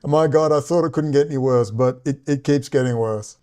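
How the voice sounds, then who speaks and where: A man ranting in casual commentary, sarcastic and mocking, often jumping into high exasperated tones. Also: brisk, mellow. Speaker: vlogger.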